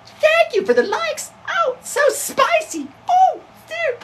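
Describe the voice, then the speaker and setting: A giggly female livestreamer squeals her thanks in a drawn-out, sing-song falsetto, as a man puts her on. The voice sits far above a normal speaking pitch and swoops slowly up and down. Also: huge pitch swings, fairly bright tone, a little hiss or hum, exaggerated voice.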